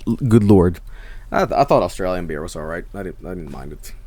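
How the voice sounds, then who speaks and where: A man's voice: low-pitched, animated, fairly quick, dark tone. Rambling man chatting on a stream. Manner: rambling, swears freely, many restarts. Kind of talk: casual stream chat.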